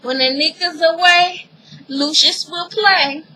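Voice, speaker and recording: Speaking slowly in a very high voice, a woman gives her viewers a casual recap of a TV episode, animated and emotional throughout and often turning aside to address the audience directly. The recording is rough.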